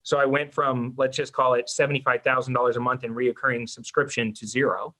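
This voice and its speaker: An entrepreneur on a podcast recounts his story with animated, self-mocking energy. His voice is bright and forward, sitting at an ordinary male pitch. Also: a little fast.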